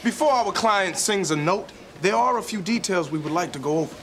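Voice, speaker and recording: An actor playing a smug teenage boy posing as a dealmaker in a TV sitcom, with smooth, businesslike patter. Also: high voice, lively intonation, fairly quick. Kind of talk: sitcom acting.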